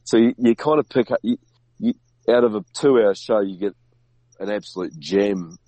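Male guest, very low pitch, rambling and halting, dry close mic. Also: dark tone, no room sound, rough recording. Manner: rambling, halting, many restarts and fillers. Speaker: podcast guest. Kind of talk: casual conversation.

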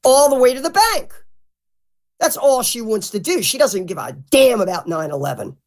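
Blunt, lively-voiced woman guest. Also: medium pitch. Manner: blunt and profane; animated, mimics others. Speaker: podcast guest. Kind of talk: casual interview talk.

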